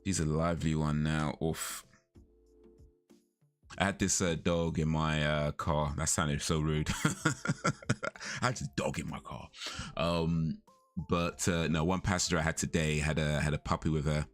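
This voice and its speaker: A man's voice: rumbling low, level tone, a little slow, pauses often. A young man casually chatting with viewers on a live stream, rambling, correcting himself and laughing often. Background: faint lo-fi music.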